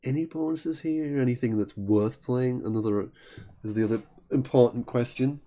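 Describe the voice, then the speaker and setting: A man's voice: mid-range voice, normal speed, warm tone. A man commentating live on a word game, thinking aloud and often correcting himself. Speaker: Scrabble commentator.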